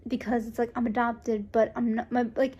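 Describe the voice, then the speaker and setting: A young woman raised in the United States vlogs a personal story in a slightly high, brisk voice. She rambles casually, with lots of restarts and fillers, and brings the people in it to life by acting out their lines in a lively voice.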